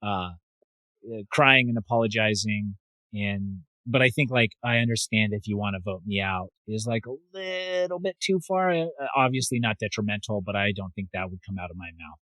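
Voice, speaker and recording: Male podcast co-host, middle-aged, low voice, dry close sound, quick chatty delivery. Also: bright, forceful tone, no room sound, low-quality recording. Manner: quick, chatty, filler-heavy. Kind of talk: casual chat.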